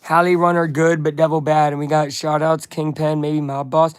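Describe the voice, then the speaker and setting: A man's voice: fairly high pitch, little pitch movement, normal speed, a little hiss or hum. A man chatting casually on a live stream, reading a comic aloud and breaking off for asides to viewers.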